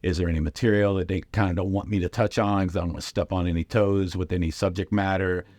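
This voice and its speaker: A man's voice: deep voice, fairly even intonation, fast talker, darkish tone, no room sound. A middle-aged man, a comedian, telling casual stories on a podcast and acting out the voices of other people in his quotes. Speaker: comedian guest.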